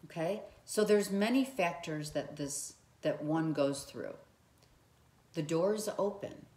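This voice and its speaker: A woman with a fairly low, mellow voice speaks slowly but with lively intonation, and the recording is reverberant. She's a relationship advice vlogger giving an earnest motivational talk straight to camera, addressing the viewer directly and often repeating her phrases.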